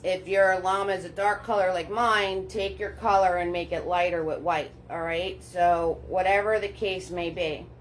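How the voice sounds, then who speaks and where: In a poorly recorded clip with a little hiss or hum, a painting instructor guides a live paint-along class. Her voice is on the low side and steady, and she's unhurried, chatty and encouraging, talking through each brush step and laughing lightly.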